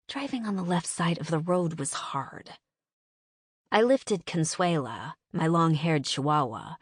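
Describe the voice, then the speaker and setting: A woman narrates an audiobook in the first person, with measured, wry storytelling. Her voice is low and unhurried, and the close studio mic sounds dry. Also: dry recording.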